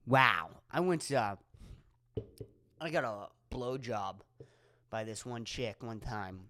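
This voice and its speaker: A man's voice: medium pitch, takes it slowly, pushed and bright, dry recording, clean studio sound. A young man from Pennsylvania, a stand-up comic hosting his own podcast, rambling casually with lots of swearing and fillers. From Erie, Pennsylvania. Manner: rambling, profane, filler-heavy. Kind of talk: casual solo podcast monologue.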